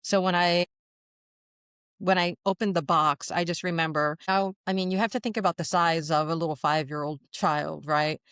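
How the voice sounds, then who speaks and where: A woman's voice: lowish voice, fairly even intonation, moderate pace, fairly bright tone, clean tone, no echo, studio quality. A woman in her sixties telling a long personal story as a podcast guest, chatty with frequent laughs and fillers. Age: 60s. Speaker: guest channeler.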